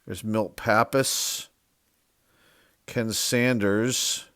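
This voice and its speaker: A man with a lowish voice talks through a box of old baseball cards in a loose, rambling way, second-guessing himself and reading names aloud as he goes. The sound is close and dry, with no room around it. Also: fairly even intonation, drawn-out words, fairly bright tone, clear, resonant tone, dry recording. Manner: rambling, unsure, thinks aloud, reads off player names. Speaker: sports card collector. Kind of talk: casual card-opening commentary.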